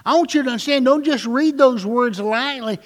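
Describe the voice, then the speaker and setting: High-voiced emphatic male pastor preaching. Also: big-room sound. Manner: emphatic, slows right down on key phrases, asks the congregation questions. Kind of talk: sermon. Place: church sanctuary with congregation.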